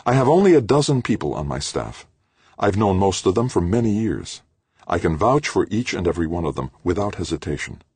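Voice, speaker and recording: A man's voice: deep voice, very animated, a little fast, a little mellow, husky, no room sound, pitched above the performer's own voice, full character voice. A man voicing a composed female lab director who insists firmly in a clipped way.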